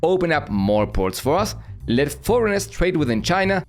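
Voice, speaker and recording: A man's voice: fairly high pitch, sing-song, moderate pace, faint music behind. A man doing a gloating British negotiator. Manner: smug, mocking, laughing at the other side.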